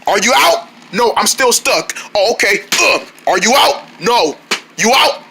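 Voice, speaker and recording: A man's voice: high voice, animated, a little slow, gravelly, background noise. A man playing with toys and bantering playfully in character voices. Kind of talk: toy play with character voices.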